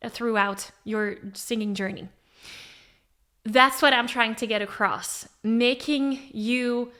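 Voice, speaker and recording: Woman, vocal coach, podcast lesson, somewhat high pitch, lively, acts out examples. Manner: animated, acts out a singer thinking aloud. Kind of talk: podcast teaching monologue.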